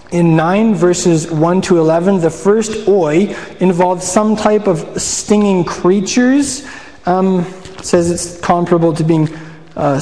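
Chatty preacher in an echoey hall. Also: male voice, fairly high pitch, dark tone. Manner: chatty, asks the audience questions. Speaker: pastor. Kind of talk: casual sermon teaching.

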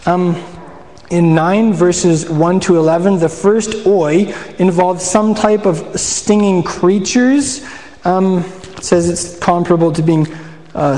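This Saskatchewan pastor has a high-pitched, dark-toned voice. Preaching in a hall with lots of echo, he keeps it conversational, restarting sentences often and answering the questions he raises himself.

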